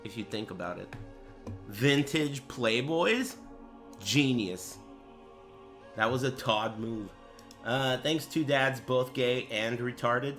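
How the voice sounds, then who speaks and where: A man's voice: medium pitch, slow, long pauses, fairly bright tone, faint music behind. A man streaming live, chatting casually with crude, joking, rambling banter. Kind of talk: casual livestream chat.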